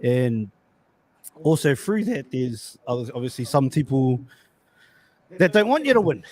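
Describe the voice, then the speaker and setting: A man's voice: mid-range voice, sing-song, a little slow, a little mellow. A man hosting a podcast in casual chat, rambling with lots of fillers and restarts. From Australia. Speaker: podcast host.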